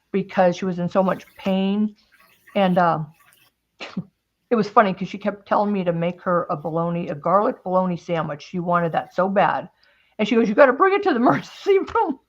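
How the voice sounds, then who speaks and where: A woman's voice: fairly low pitch, muffled recording. A woman hosting a casual craft-and-chat stream, telling a long story in a rambling way with many restarts. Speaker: host.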